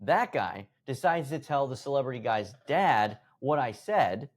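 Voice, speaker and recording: A man's voice: medium pitch, lively intonation, a little slow. A man in his thirties, a podcast guest, telling a story casually and animatedly, acting out conversations and swearing freely. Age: 30s.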